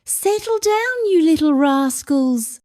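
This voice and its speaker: A cheerful, busy mum of young kids, put on by a woman narrator. She exclaims in a slow, mellow voice that leaps up and down in pitch. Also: very animated, exaggerated voice. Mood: cheery.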